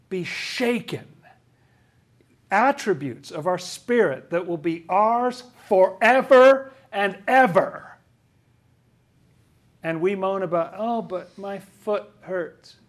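A man with a somewhat high-set voice teaching scripture in a loose, conversational way. He talks to listeners as if chatting, and slips into little acted voices to quote people. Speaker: religious teacher.

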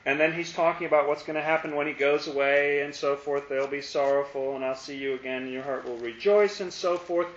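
A man teaching a Bible study, playful and animated, acting out the lines he quotes. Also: fairly high pitch, a little fast, hardly any pauses. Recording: roomy, dull lo-fi.

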